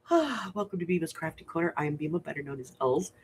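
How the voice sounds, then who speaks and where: A woman's voice: low voice, lively intonation, fairly quick, husky. A woman hosting a casual live crafting stream. She is sick with a cough and rambles as she greets viewers by name. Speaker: craft channel host.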